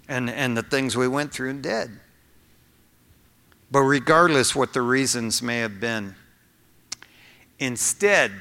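A man's voice: medium pitch, sharp tone. A middle-aged male pastor preaching a sermon in an earnest, conversational way, mixing teaching with personal asides. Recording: long hall reverb.

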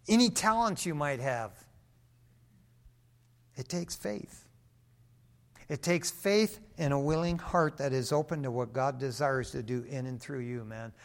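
A man preaching a sermon. His voice is on the higher side, and he mixes casual slang into emphatic delivery. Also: fairly bright tone. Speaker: pastor.

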